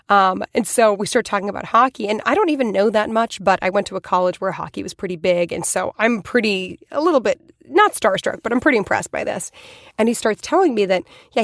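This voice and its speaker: A woman's voice: mid-range voice, no room sound, studio quality. Chatty woman in her thirties telling a story. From Boston, USA. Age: 30s. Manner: chatty and animated, many "like" fillers. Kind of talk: personal storytelling.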